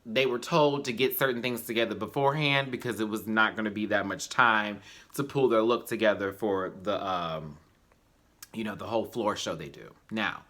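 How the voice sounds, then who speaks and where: Chatty bright-voiced young man reviewing. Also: moderate pace. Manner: chatty, animated, slangy, with high-pitched exclamations. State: tired. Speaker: YouTube reviewer. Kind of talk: casual review vlog.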